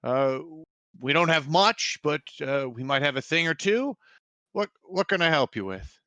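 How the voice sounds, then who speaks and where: A hospitable but guarded village chief speaks haltingly in a tabletop game, as a man puts him on. The voice is a touch raised, slow and bright. The sound is dry and close. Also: a little high, expressive, no echo, voice pushed up. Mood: cautious. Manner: hesitant, halting. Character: male mining village leader, cautious, hospitable.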